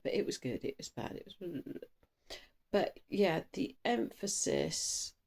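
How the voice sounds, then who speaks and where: Fairly low-pitched with vocal fry and a darkish quality, a very animated woman speaks at a slow pace. As a tarot reader, she rambles through a casual reading, trailing off and picking back up, jittery with caffeine and prone to sudden spurts of speed.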